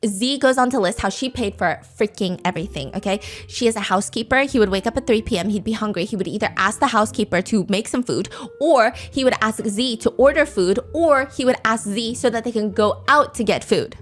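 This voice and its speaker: A woman hosting a podcast, telling a dating drama in an animated, gossipy way and laughing often. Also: fairly high pitch, a little fast, few pauses. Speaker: podcast host. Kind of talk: storytelling commentary.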